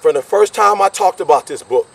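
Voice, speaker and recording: A man giving an energetic motivational speech, repeating his points and pushing the listener hard. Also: sits high, a little fast, gravelly, slightly rough, far from the mic. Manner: energetic, preachy, repetitive call-and-response. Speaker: motivational speaker.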